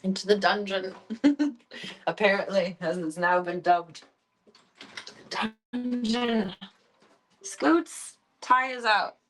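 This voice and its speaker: A young woman streaming casually, chatting as she feeds her pets and calling to them in a high coaxing voice. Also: a little slow, few pauses, a bit bright, slight background noise. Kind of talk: casual chat while feeding pets.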